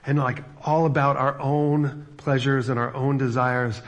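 A man's voice: mid-range voice, level tone, a little slow. A middle-aged male pastor giving a sermon, retelling a film story in a loose, chatty way with lots of fillers. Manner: casual storytelling with many fillers.

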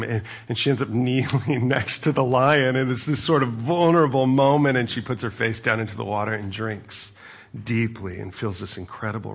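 Man preaching a sermon, gravelly and husky, earnest and reflective, dull lo-fi sound. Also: mid-range voice, a bit bright. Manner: earnest, reflective, with frequent restarts. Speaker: pastor.

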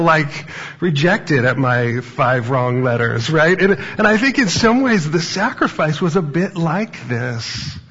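A man's voice: a little high, creaky, fairly bright tone, breathy edge, lo-fi sound. A man preaching a sermon, reading scripture and then talking conversationally with anecdotes and fillers. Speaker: pastor.

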